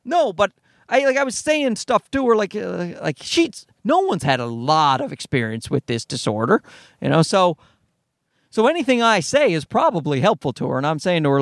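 A man's voice: high-pitched, moderate pace, vocal fry, dry recording, studio quality. A man performing a profane stand-up comedy monologue, telling a story and acting out other people's lines. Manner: profane, animated storytelling with voiced asides.

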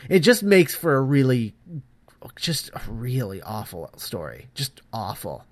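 A man's voice: mid-range voice, wildly swooping pitch, measured pace. An American man co-hosting a podcast, tearing into an episode with blunt, exasperated criticism and plenty of "um"s. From United States. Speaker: podcast co-host. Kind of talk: casual podcast chat.

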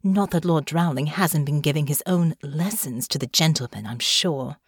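Woman voicing a grim young noblewoman, low, slow, soft, sometimes near a whisper, dry close sound. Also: breathy edge, no echo. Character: tall young noblewoman Delphinia, grim and knowing. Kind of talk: audiobook character voice.

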